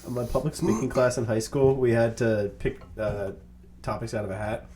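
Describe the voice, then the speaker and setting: A young man in casual chat, telling stories in an animated, playful way with loud bursts of laughter. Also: medium pitch, moderate pace, noisy background. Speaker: podcast co-host.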